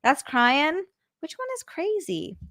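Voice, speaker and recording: A woman talks through a casual livestream, her voice bright and forceful. She rambles in halting starts and swears freely as she reads chat. The sound is dry and close, with no room around it. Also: high-pitched, wildly swooping pitch, no echo.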